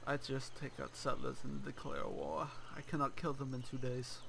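A man's voice: medium pitch, level tone, normal speed, creaky, fairly bright tone, slight background noise, poor audio. A young adult man hosting a let's play, giving gameplay commentary with theatrical, mock-villainous declarations.

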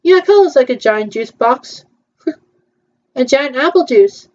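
A woman's voice: sits high, animated, measured pace, a little mellow, muffled recording. A woman chatting casually through a virtual theme-park tour, hesitant and playful, with frequent ums.

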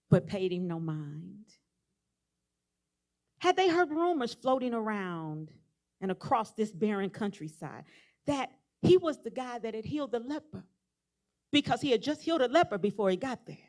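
A middle-aged woman preacher with a high voice delivers a sermon. She retells a scripture story in a low, measured way, then builds to loud, repeated rhetorical questions aimed at the congregation. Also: very animated. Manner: builds from quiet storytelling to shouted appeals.

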